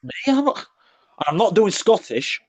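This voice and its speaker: A British man chatting casually on a podcast over an online call. His voice sits slightly high, and he talks bluntly and animatedly, sliding into slang and tangents as he goes. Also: very animated, measured pace, slightly rough. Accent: British English. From Britain. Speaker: podcast co-host.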